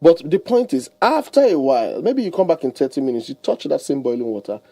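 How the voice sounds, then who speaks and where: A husky man speaks quickly, his pitch swinging up and down as he counsels on air. He leans on homely examples and a ready laugh, and the studio sound is close and dry. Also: no echo. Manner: animated, explains with homely examples and laughs often. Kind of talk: radio talk show advice. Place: radio studio.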